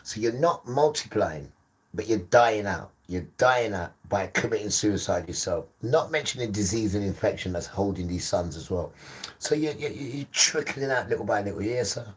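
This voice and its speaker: A man's voice: fairly low pitch, lively intonation, moderate pace. A man hosting a live stream, exhorting a listener in a preachy, repetitive way and calling him son.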